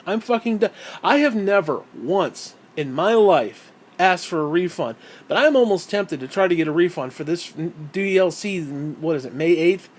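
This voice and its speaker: High-voiced dude ranting about a game at home, super heated, swearing nonstop. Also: male voice, expressive, moderate pace. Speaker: gaming YouTuber. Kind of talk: angry gaming rant.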